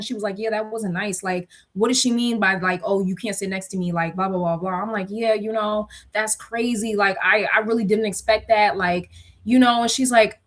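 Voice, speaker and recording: A young woman telling a work story in casual chat, animated and slangy, laughing often and acting out quotes. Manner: acts out quotes with shrill pleading.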